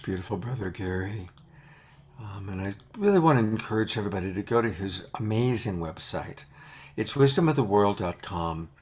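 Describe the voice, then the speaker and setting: A man convening an online vigil, praising others warmly in casual chat with many fillers on a video call. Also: fairly low pitch, slight background noise.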